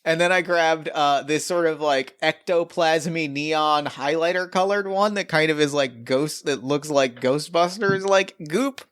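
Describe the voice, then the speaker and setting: Smooth-voiced chatty man playing a game. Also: a little high, unhurried, few pauses, fairly bright tone. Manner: chatty, enthusiastic, rambling. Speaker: player. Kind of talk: tabletop game play, casual.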